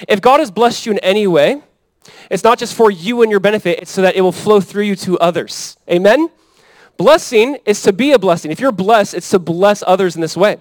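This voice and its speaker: A man in his thirties preaching a sermon as pastor, in a conversational, animated way that often checks in with the congregation. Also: high voice, a little fast, no echo, low-quality recording. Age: 30s. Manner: conversational, animated preaching with frequent "right?" and "Amen?".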